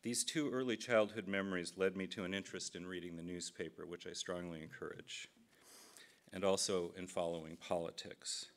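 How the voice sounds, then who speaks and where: Middle-aged male speaker from Minnesota, low voice, deadpan self-mocking keynote storyteller. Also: normal speed. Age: 50s. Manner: dry storytelling with self-deprecating asides. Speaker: political cartoonist giving a keynote speech. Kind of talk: humorous keynote speech.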